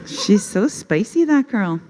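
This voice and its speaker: Speaking slowly in a medium-pitched, dark, very animated voice, a middle-aged stand-up comedian from Canada tells self-deprecating stories to a live audience at a youth conference. She holds a handheld mic, frequently laughs at her own jokes, and there's slight background noise.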